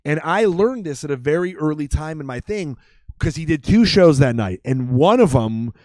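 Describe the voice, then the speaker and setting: Comedian guest from chicago, voice a bit high, dry close mic. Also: male voice, normal speed, no room sound. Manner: excitable, jokey interjections. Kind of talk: casual chat. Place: comedy club room.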